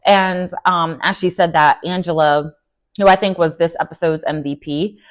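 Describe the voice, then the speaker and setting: A woman casually recapping a reality TV episode, chatty and animated, with lots of fillers and laughing asides. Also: fairly low pitch, moderate pace. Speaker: recap vlogger.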